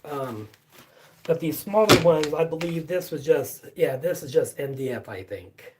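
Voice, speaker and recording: A live-stream host talks slowly and loosely from a basement workshop, full of fillers, restarts and offhand swearing. The voice sits at a middling pitch and sounds set back from the microphone. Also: lively intonation, a little mellow, distant mic, slight background noise. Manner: rambling, many fillers and restarts, casual swearing. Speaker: livestream host. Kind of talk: casual live-stream chat.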